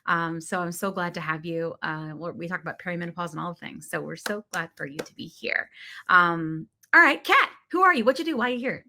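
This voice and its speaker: A woman hosting a casual podcast chat, upbeat and talkative, with frequent ums. Her voice sits a little low for a woman. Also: lively intonation, fairly quick, bright, forceful tone. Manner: upbeat, chatty, with filler ums. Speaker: podcast host.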